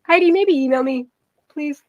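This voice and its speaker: A woman's voice: sits high, moderate pace, dry recording, highs cut off. A woman YouTuber on a livestream, rambling bluntly and swearing a lot. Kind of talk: casual livestream rant.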